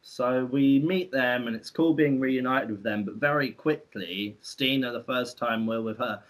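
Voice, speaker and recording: A man's voice: mid-range voice, a little slow. A man co-hosting a podcast, telling stories about farm work in a chatty, rambling way with many restarts. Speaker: podcast co-host. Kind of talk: casual storytelling.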